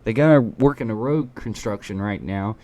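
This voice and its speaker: A man's voice: lowish voice, moderate pace, mellow. A man giving a ranting opinion commentary, emphatic and sarcastic, hammering at his points with repeated rhetorical questions. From United States. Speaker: political commentator.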